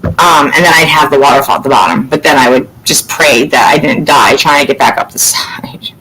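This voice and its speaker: A woman from Florida in casual chat as host, telling lively stories and swearing freely. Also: rumbling low, a little fast, a little hiss or hum, low-quality recording. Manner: animated storytelling, swears freely.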